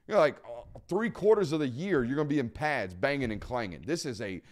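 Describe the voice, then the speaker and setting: A man's voice: medium pitch, expressive, a little fast. A man hosting a live sports talk show, emphatic and blunt, repeating points for stress. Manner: blunt, casual swearing. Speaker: podcast host.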